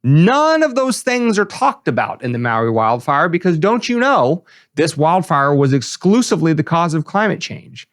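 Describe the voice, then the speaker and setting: A man's voice: a little high, sing-song, normal speed, few pauses. Man, podcast co-host, sarcastic commentary, wry manner. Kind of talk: opinionated commentary.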